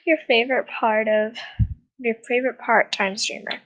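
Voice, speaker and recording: A woman's voice: fairly high pitch, fairly even intonation, moderate pace, a bit bright, dull audio. A woman hosting a gaming channel in a chatty, rambling way, often sighing and giggling, with a non-American accent. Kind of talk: casual gameplay commentary.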